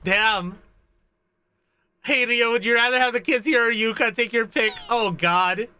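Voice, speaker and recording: Female game streamer, bright, sharp tone; casual and excitable, reads on-screen dialogue aloud, swears easily. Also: on the high side, unhurried, slight background noise. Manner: animated, gushing, swears casually. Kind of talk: casual gaming livestream, reading game text aloud.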